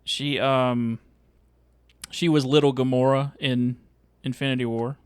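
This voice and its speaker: A man co-hosting a casual movie podcast, slowly working through his points with many restarts. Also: mid-range voice, fairly even intonation, smooth, no echo, studio quality. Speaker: podcast co-host. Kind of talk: casual movie review chat.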